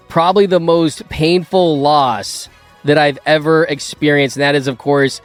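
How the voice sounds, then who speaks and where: A middle-aged man hosting a sports talk show, telling lively stories in a casual, animated way. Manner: animated, acts out his own past outbursts in a higher voice. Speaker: sports podcast host. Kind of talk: casual storytelling chat.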